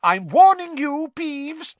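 A man's voice: very high voice, sing-song, slow pace, no room sound, pitched above the performer's own voice, heavily acted. A man voicing a stern older woman teacher who talks sharply and commands. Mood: sharp, scolding.

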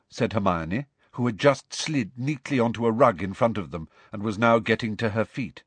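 A man's voice: lowish voice, moderate pace, hardly any pauses, breathy edge, no room sound. A man narrating a storybook expressively as an audiobook reader. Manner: expressive storytelling that shifts voice for each character. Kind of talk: scripted narration.

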